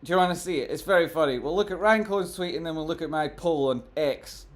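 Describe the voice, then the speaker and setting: A man doing live stream commentary on trading charts, talking to his chat in a jokey, theatrical way that swings between mock gloom and loud exclamations. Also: on the high side, fast talker. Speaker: stock market streamer.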